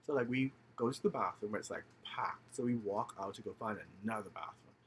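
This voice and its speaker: A man's voice: lowish voice, brisk, slight background noise. A young man casually telling a story to camera, full of fillers and slang, acting out the people he quotes. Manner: animated, acts out the people he quotes; filler-heavy slangy chatter, swears freely. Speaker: vlogger.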